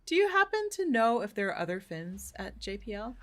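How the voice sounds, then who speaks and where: A woman from Finland hosts a relaxed interview with a friendly manner and an easy laugh. Her pitch moves a lot as she talks. Her tone is bright and clear. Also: fairly quick. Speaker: host. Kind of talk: casual interview.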